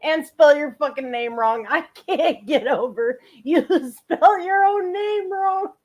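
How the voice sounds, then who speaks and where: A woman's voice: high-pitched, takes it slowly, darkish tone. A woman hosting a livestream, reacting with sarcastic, profane commentary and frequent laughter. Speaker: livestream host reacting to a clip.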